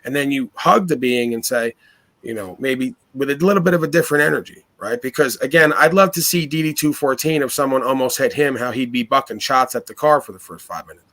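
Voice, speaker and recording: A man's voice: mid-range voice, fairly quick, a bit bright. A man hosting a casual talk, speaking with confidence and authority and piling up rhetorical questions.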